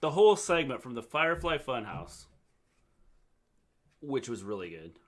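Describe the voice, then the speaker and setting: An older man co-hosting a casual livestream recap, talking in a relaxed, halting way with repeated words. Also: medium pitch. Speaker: co-host, the host's father.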